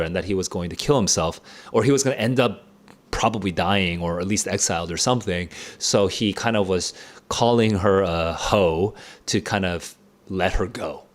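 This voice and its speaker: A man streaming a casual live reaction to a play, halting and excitable, laughing often as he talks it through. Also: fairly low pitch. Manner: casual slangy commentary. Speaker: book club streamer.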